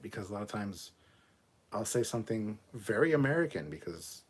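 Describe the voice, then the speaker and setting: A man's voice: low-pitched, expressive, measured pace, long pauses, a little hiss or hum. A man hosting a casual livestream, reading chat aloud, swearing often and laughing between remarks. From Canada.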